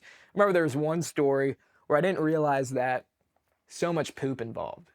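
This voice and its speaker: A man from the United States, a veteran guest on a podcast, telling war stories in a loose, rambling way full of "like" and restarts. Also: medium pitch. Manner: rambling, filler-heavy, lots of "like". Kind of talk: casual war storytelling.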